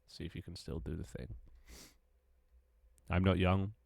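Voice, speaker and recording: A man's voice: deep voice, measured pace, vocal fry, darkish tone, no room sound. A man with a stuffy, congested nose, rambling and joking casually while streaming his game development work live. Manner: rambling, self-mocking, swears casually.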